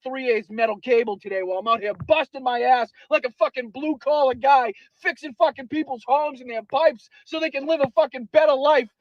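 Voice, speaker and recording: A tradesman yelling an angry rant full of swearing. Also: very high-pitched, fairly even intonation, a little fast, few pauses, no echo. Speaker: tradesman posting a video rant. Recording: dull lo-fi clip.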